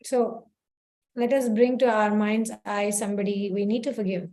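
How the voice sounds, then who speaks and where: A woman leading a spiritual session, guiding listeners slowly and soothingly through a forgiveness reflection. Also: medium pitch, steady tone, dark tone. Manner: slow, soothing and encouraging. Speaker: session leader.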